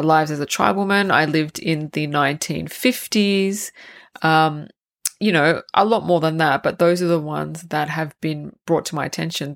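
A woman hosting her own solo spiritual podcast, talking candidly and rambling, with casual swearing and frequent restarts. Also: deep voice. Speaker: podcast host.

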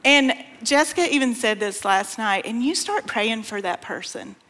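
A woman preaching to a conference crowd, her fairly high voice carrying a long reverb from a large hall. She talks in a folksy way, calls her listeners "y'all", and reads scripture aloud with feeling. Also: expressive, normal speed, a bit bright. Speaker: speaker at a women's conference. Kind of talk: sermon.

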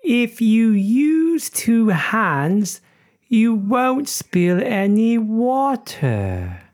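A man's voice: high-pitched, sing-song, drawn-out words, darkish tone, voice pushed up, full character voice. A man voicing a blunt rural Cornish farmer in a put-on Cornish accent, drawn out and mocking. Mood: gruff, teasing.

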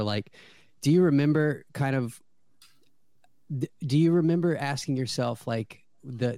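A man with a mellow, mid-pitched voice co-hosts a podcast. He asks earnest questions and restarts them as he goes, recorded dry and close. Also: no echo. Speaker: podcast co-host. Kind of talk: casual podcast interview.

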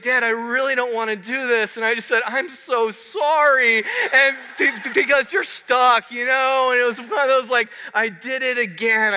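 A man in his thirties preaching a sermon in a large church hall, telling a story in a lively, conversational way. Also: very high voice, clear, resonant tone. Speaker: pastor. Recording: long hall reverb.

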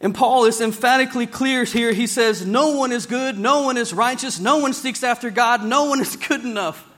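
A man preaching a sermon in a church, plain-spoken and folksy, slowing down whenever he reads scripture aloud. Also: very high voice, fairly bright tone.

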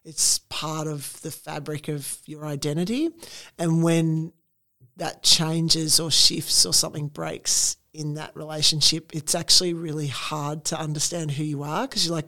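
A woman's voice: deep voice, level tone, unhurried, pushed and bright. An Australian woman guest talking casually in an interview, chatty with lots of fillers and laughter.

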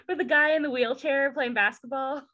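A woman's voice: high voice, unhurried, muffled recording. Sarcastic woman with a Southern accent. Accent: Southern American. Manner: sarcastic, animated storytelling with impressions. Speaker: podcast co-host. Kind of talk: casual recap chat.

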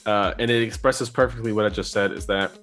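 A man's voice: on the low side, steady tone, brisk, fairly bright tone, soft background music. A young man co-hosting a podcast, talking casually and rambling with lots of filler words. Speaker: podcast co-host. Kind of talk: casual chat.

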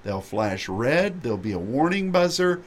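A man hosting a radio show, telling a lively travel anecdote with laughter. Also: mid-range voice, moderate pace. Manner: animated anecdote with frequent laughter. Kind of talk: storytelling chat.

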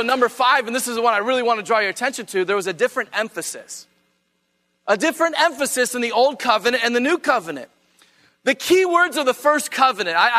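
A man's voice: very high-pitched, bright, forceful tone. A man preaching a sermon, reading scripture aloud and urging listeners to underline key phrases. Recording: long hall reverb.

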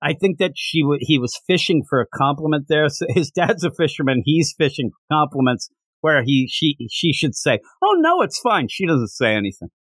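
A man's voice: a little high, moderate pace, breathy edge, no echo, studio quality. A man co-hosting a podcast, casually recapping a manga and acting out the characters' lines as he tells it. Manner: animated storyteller, acts out characters' lines. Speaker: podcast co-host.

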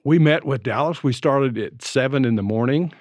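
A man in his seventies telling stories in a relaxed, reflective conversation as co-host. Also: medium pitch, normal speed, dry recording, clean studio sound. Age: 70s. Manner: storytelling, reflective. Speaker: podcast co-host. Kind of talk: casual conversation. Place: Colorado.

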